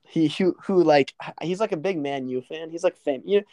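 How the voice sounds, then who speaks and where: A man's voice: a little high, moderate pace, mellow, dry recording. A young man co-hosting a podcast, chatting casually about sports in a joking, self-deprecating way. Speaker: podcast co-host.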